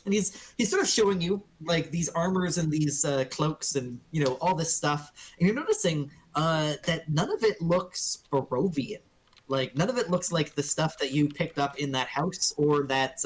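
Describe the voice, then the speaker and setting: Halting, easygoing man running a tabletop game. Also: a little high. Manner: casual, halting with many fillers. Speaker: dungeon master.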